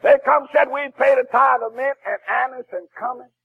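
A man preaching a fiery sermon as a Baptist preacher, shouting with a crying preaching cadence. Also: very high-pitched, fairly even intonation, moderate pace, gravelly, breathy edge, phone-quality sound.

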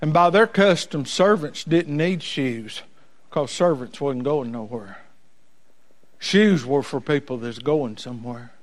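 A man's voice: mid-range voice, unhurried. A man preaching a sermon in a folksy cadence that climbs into impassioned, ringing peaks.

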